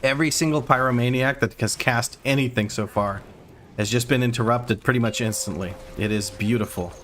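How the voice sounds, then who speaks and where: During a live game stream, a man narrates the action and tosses dry remarks to his chat in a brisk, fairly bright, mid-range voice. There's a little background noise.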